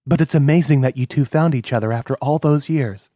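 A man voicing a gentle, loving older mother who speaks softly and tenderly in a dry, close recording. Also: medium pitch, fairly quick, dry recording, close to an everyday voice. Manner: soft, tender, gentle questioning.

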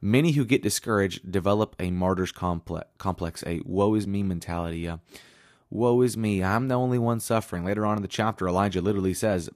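Low-voiced man preaching a sermon. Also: fairly quick, a little mellow, dry recording, clean studio sound. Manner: earnest, conversational, reads scripture aloud. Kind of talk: sermon with scripture reading.

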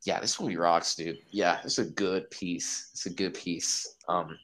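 A man chatting excitedly on a podcast, swearing often and acting out his own reactions. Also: sits low, a little slow, poor audio. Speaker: podcast guest. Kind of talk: casual podcast chat.

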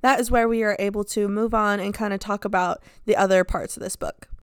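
A woman's voice: medium pitch, fairly even intonation, a little fast, clean tone, no room sound, clean studio sound. A young woman co-hosting a podcast, giving a friendly, direct recorded announcement. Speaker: podcast co-host.

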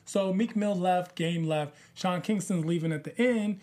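Higher-voiced man chatting about rap news. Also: a little slow, darkish tone. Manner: chatty, teasing, restarts often. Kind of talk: casual entertainment news chat.

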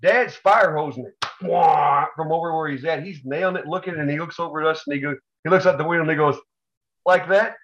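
A man co-hosting a casual podcast, telling family stories in an animated way and acting out the people in them. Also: fairly high pitch, quick pace, hardly any pauses. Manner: animated storyteller, acts out family members with yells. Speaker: podcast co-host. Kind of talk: casual storytelling chat. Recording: dull lo-fi recording.

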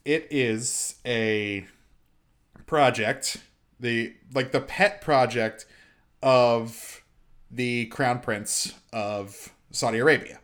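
A young man hosting a solo sports and gaming podcast, chatty and excitable, breaking into exasperated rants. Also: mid-range voice, extremely slow. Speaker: podcast host.

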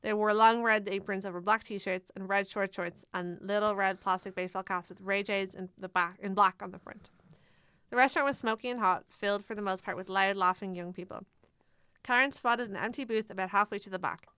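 A woman's voice: medium pitch, fairly even intonation, a little fast, sharp tone, smooth, no echo. A woman casually reading a teen novel aloud, including a friendly teenage girl's lines in her own voice. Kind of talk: casual read-aloud with banter.

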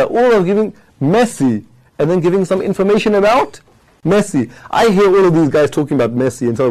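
Man, fairly high voice, patient lecture, checks in with "yes?". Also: animated, a little mellow, rough recording. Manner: recites Arabic verses slowly. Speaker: Quran teacher. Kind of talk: explanatory class lecture.

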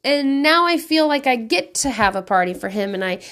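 A woman's voice: high-pitched, expressive, fairly quick, fairly bright tone. A woman in her thirties chatting casually about parenting, swearing freely, often laughing and saying "like". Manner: chatty, profane, laughing, lots of likes. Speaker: parent podcaster. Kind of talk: casual monologue.

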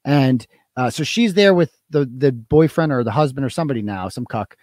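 Lively, profane male live-stream host. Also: mid-range voice, a little fast, no room sound, clean studio sound. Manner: profane, mocking, rambling. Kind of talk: casual live-stream commentary.

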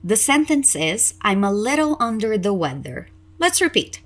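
A woman teaching English in a podcast lesson, explaining clearly and encouraging listeners to repeat out loud. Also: medium pitch, very animated, moderate pace.

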